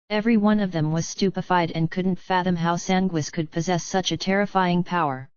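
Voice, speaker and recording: A woman narrates a fantasy audiobook in a steady, even read. Her voice is smooth and somewhat low. The recording is dry and a little dull and muffled. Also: no room sound. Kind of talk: scripted narration.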